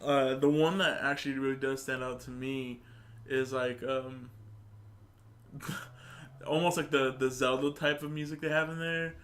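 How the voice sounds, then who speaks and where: A man co-hosting a podcast in casual chat, retelling scenes in an animated way. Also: medium pitch, measured pace. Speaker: podcast co-host.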